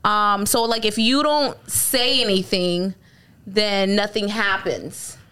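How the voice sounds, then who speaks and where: A young woman in casual chat, giving hesitant, halting hints in a word game with many pauses and fillers. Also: medium pitch, pushed and bright, a little hiss or hum.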